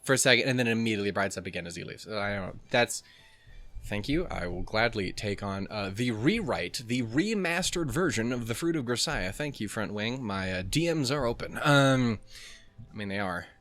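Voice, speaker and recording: A man hosting a let's play, chatting and reading in an excitable, jokey way with lots of swearing. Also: fairly low pitch, normal speed. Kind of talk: casual let's play commentary.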